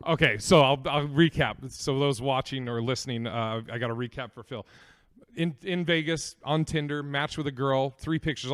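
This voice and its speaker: A man's voice: medium pitch, fairly bright tone, dry recording. A young man hosting a podcast, telling a story in a rambling, profane way with lots of fillers. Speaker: podcast host. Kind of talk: comedic storytelling.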